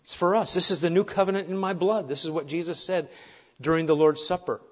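Earnest pastor preaching, lo-fi. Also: male voice, on the high side, steady tone, a little fast. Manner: earnest preaching with rhetorical questions and self-deprecating asides. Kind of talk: sermon.

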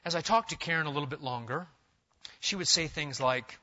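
A man preaching an expository sermon as a pastor, swinging between loud urging and quiet intensity. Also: fairly high pitch, quick pace, lo-fi sound.

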